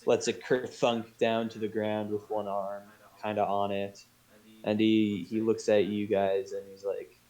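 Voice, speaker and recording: A man's voice: fairly low pitch, little pitch movement, unhurried, darkish tone, poor audio. A man narrating a tabletop game as game master, rambling with many fillers. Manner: rambling, full of fillers and restarts.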